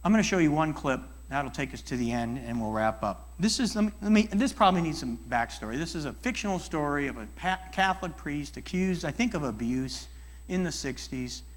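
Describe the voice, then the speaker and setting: A middle-aged man and life coach giving a church talk, animated and acting out people's voices as he tells stories. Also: a little high, brisk. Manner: animated, acts out voices in dialogues. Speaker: guest speaker and life coach.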